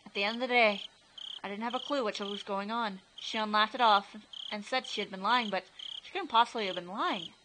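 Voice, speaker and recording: A woman narrating a horror visual novel aloud in an expressive, steady reading style. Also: mid-range voice, a little fast, noisy background.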